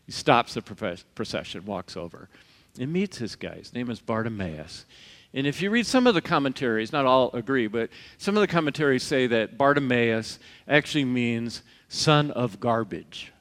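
A man's voice: mid-range voice, lively intonation, moderate pace, fairly bright tone. A man preaching a conversational sermon, telling stories and acting out the quoted voices. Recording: long reverb of a large hall.

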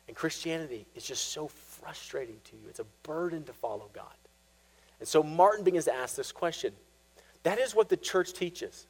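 Man, preacher, sermon, high voice, animated delivery. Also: moderate pace, breathy edge, rough recording. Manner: animated, acts out quotes.

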